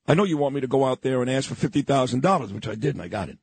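A man's voice: medium pitch, lively intonation, very fast, gravelly, a little mellow, breathy edge, no echo. An older man from New York hosting a morning radio show, telling a story in an emphatic, boastful way.

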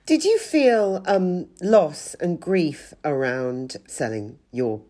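A woman's voice: deep voice, lively intonation, takes it slowly, warm tone. A woman hosting a podcast, asking probing questions. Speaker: podcast host. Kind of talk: interview questions.

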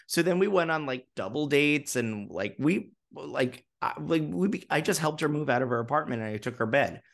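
A young man who produces theatre gushes through anecdotes in a relaxed interview, lively and full of fillers and self-corrections. He talks fairly quickly at a fairly high pitch, with vocal fry and few pauses.

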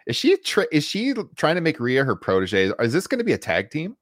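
Male podcast co-host, wry and jokey, lively pitch, dry close recording. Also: a little fast, hardly any pauses, no room sound. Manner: wry, laughing, joking. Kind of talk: casual wrestling podcast chat.

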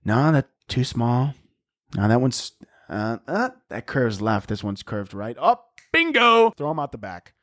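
A man voicing an angry, insecure male airline pilot who rants in a high, defensive, shouting voice. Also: measured pace, no room sound, clean studio sound, natural voice. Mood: sorting, gleeful.

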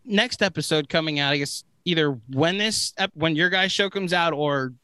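A man guesting on a podcast, talking in a bright, forceful voice. He rambles enthusiastically, with plenty of filler words. His sound is dry and close. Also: a little high, normal speed, smooth, dry recording. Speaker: guest, movie podcast host. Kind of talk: casual podcast chat.

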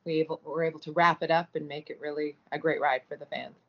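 A woman from Vancouver, an actress guest in an interview, answering in a measured, articulate way. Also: low voice, steady tone, dull audio. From Vancouver, British Columbia.

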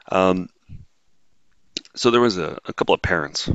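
A man's voice: low voice, normal speed, a bit bright, dry recording, highs cut off. A man hosting a solo podcast, talking in a blunt, sarcastic, rambling way with lots of fillers. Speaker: podcast host.

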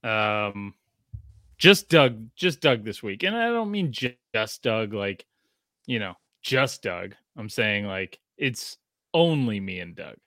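Male podcast host from Australia, bright, dry close mic, rambling. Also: lowish voice, big pitch swings, slow, no room sound. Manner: rambling, self-interrupting, laughs often. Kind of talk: casual podcast chat.

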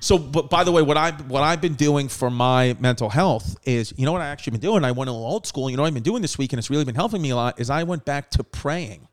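A man's voice: mid-range voice, fast talker, hardly any pauses. A man hosting a comedy podcast, rambling casually with lots of fillers and swearing. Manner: rambling, profane, filler-heavy. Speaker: podcast host.

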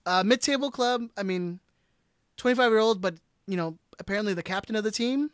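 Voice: mid-range voice, fairly quick, clear, resonant tone, no room sound, studio quality. A co-host on a casual soccer podcast who talks hesitantly, with lots of fillers and restarts.

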